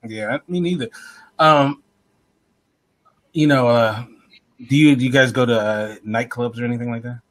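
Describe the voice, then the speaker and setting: Man, panel host, easygoing questioner, mid pitch. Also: moderate pace, long pauses, fairly bright tone. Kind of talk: casual panel chat.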